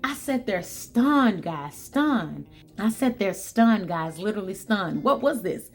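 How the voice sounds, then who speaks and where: A woman's voice: medium pitch, animated, slow pace, faint music behind. A bubbly, upbeat woman telling viewers a workplace story, repeating phrases for emphasis and talking straight to them. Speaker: vlogger telling a work story. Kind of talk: storytelling monologue.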